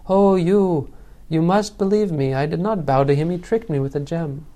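A greedy older Brahmin teacher, boastful and blustering, as a man puts him on. He calls out loudly in a slightly high, mellow voice, pleading and insisting in turn. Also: normal speed, gravelly.

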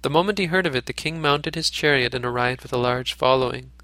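A man reading an old fable aloud as narrator, measured, now and then correcting a slip. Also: mid-range voice, pushed and bright, dry recording. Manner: measured, occasional self-corrections. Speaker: storyteller.

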